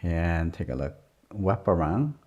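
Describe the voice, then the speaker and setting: A man teaching a drawing lesson as he works, talking softly in short, simple, broken phrases. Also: low-pitched, expressive, unhurried. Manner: soft-spoken, murmuring, simple broken phrasing. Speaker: art teacher. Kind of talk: drawing lesson narration while working. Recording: dull lo-fi sound.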